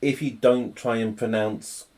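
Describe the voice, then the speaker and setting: A man chatting casually in a dry, hesitant, low-key way. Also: fairly even intonation, measured pace, a little mellow. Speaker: co-host of a live building stream. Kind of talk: casual chat.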